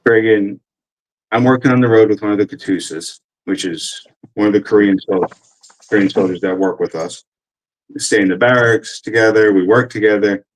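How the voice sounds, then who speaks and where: A man's voice: on the low side, normal speed, poor audio. A man in his forties, an army veteran telling a casual, rambling story full of cursing and fillers. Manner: rambling, profane, with many fillers.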